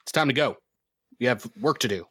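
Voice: mid-range voice, lively intonation, brisk, breathy edge, no echo, studio quality. Game master doing an impatient radio sergeant. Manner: brusque, hurrying orders. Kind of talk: tabletop role-play voice.

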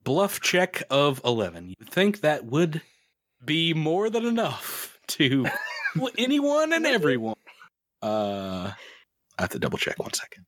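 A game master narrates a tabletop session with playful amusement. The voice is animated and lively, and the recording is close and dry. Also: mid-range voice, unhurried, no echo.

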